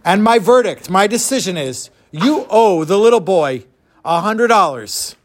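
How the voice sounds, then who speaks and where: A man's voice: sits high, expressive, unhurried. A man doing a smug corrupt judge. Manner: smug, matter-of-fact pronouncements. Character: corrupt smug male town judge, adult.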